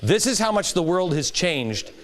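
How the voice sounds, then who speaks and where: A middle-aged man holds forth as a talk show host in an emphatic political monologue. His voice sits a touch high and swings widely as he presses his points. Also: moderate pace. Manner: animated, emphatic, rising to stress points.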